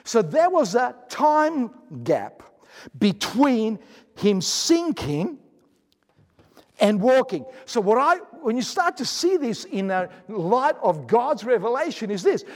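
A man preaching a sermon, slow and emphatic, stretching words and repeating phrases for weight. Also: very high voice, very animated, a little mellow. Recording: long hall reverb.

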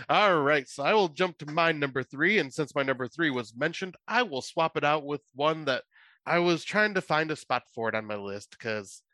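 Man, podcast co-host, bright tone, dry sound, lively storyteller. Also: a little high, normal speed, no echo. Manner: animated storytelling, acts out quotes. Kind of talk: casual chat.

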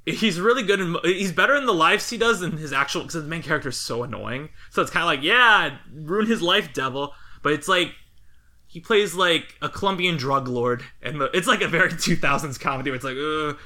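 A man's voice: a little high, fast, sharp tone. A man co-hosting a casual podcast, rambling through opinions and laughing often. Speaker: podcast co-host.

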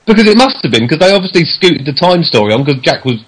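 A man co-hosting a casual podcast, chatty and digressive, with lively jumps in pitch. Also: fast, husky, poor audio. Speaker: podcast co-host. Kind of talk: casual chat.

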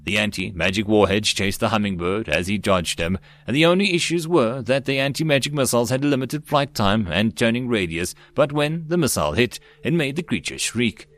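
A man narrating a web-novel audiobook in a steady storytelling manner. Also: mid-range voice, brisk, hardly any pauses, dry recording. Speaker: audiobook reader.

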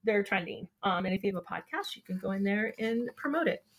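A woman's voice: medium pitch, expressive, a little fast, a bit bright. A woman hosting a casual live show, chatting in a rambling way with lots of ums and laughing at her own jokes. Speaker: show host.

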